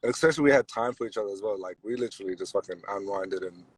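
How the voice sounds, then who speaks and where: A man's voice: lowish voice, racing, over a noisy crowd, low-quality recording. A young man from Australia, a podcast guest, chatting in a laid-back way with lots of fillers and laughs. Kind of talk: casual chat.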